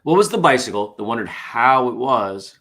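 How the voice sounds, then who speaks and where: A man's voice: mid-range voice, lively intonation, normal speed, a bit bright. A tired man hosting a casual morning show, reading jokes aloud in a wry, self-deprecating way. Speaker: host.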